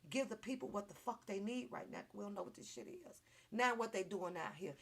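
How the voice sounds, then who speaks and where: Livestream host, woman, mid-pitched, profane and heated, shifting between loud outbursts and muttered asides. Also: a little fast. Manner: profane, heated ranting to viewers. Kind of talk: casual livestream commentary.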